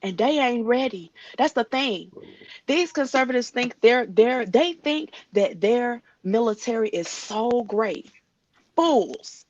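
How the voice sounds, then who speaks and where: A woman's voice: fairly high pitch, lively intonation, a little slow, slight background noise. Impassioned woman ranting on lo-fi audio. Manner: impassioned ranting, preachy and prophetic. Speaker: guest. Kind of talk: heated political and religious discussion. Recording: dull lo-fi audio.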